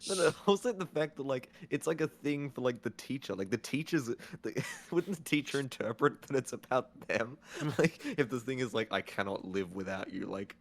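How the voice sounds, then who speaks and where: A man's voice: mid-range voice, normal speed. A young man, a guest on a podcast, chatting casually with lots of laughter. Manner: laughing, animated. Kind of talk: casual chat.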